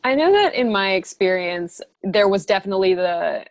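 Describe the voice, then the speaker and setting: A woman's voice: mid-range voice, animated, normal speed, few pauses. A young adult woman who is a guest on a podcast. She banters in a playful, joking way. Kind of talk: casual chat.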